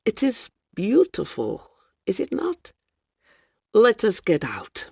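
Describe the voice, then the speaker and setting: A reader voicing a worldly, grave Russian woman traveller who speaks in a calm, matter-of-fact way. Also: mid-range voice, slow, creaky, dry recording, clean studio sound, heavily acted.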